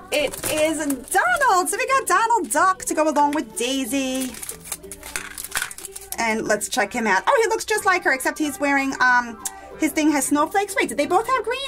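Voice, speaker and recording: A woman's voice: high-pitched, a bit bright. A woman hosting a toy unboxing vlog, gushing with enthusiasm and talking to her viewers as guys. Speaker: toy unboxing channel host.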